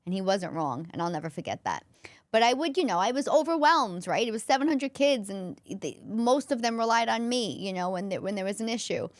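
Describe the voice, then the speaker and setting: A woman's voice: mid-range voice, lively intonation, a little fast, dry recording, studio quality. Woman telling a heartfelt story. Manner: earnest, emotional, with frequent restarts. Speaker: comedian and former school counselor, podcast guest.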